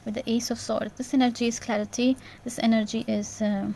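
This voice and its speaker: A woman giving an intuitive tarot reading in a gentle, reassuring way, repeating herself and checking in with "yeah?". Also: on the high side, level tone, fairly quick, vocal fry, slight background noise. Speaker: tarot reader.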